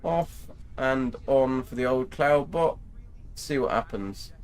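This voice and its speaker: Chatty British gaming streamer. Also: male voice, medium pitch, slow pace, smooth. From Britain. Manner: chatty, playful, joking. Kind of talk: casual livestream commentary.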